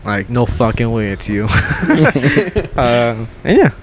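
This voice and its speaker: A young man co-hosting a podcast, telling a story in casual chat, swearing and loudly acting out what people said. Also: medium pitch, takes it slowly, a little hiss or hum. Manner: animated, swears a lot, acts out quotes loudly. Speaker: podcast co-host.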